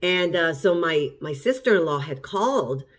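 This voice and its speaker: A woman's voice: fairly low pitch, expressive, moderate pace. A middle-aged woman, a cooking channel host, casually telling a story to the camera in a chatty way, often repeating and restarting. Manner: chatty, repeats and restarts while recounting events.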